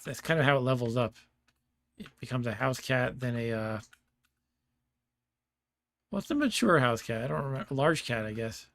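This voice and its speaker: A man's voice: medium pitch, expressive, normal speed, pauses often, fairly bright tone, dry recording. A man giving casual let's-play commentary, thinking aloud and laughing often, with keyboard clicks behind him. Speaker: gameplay streamer.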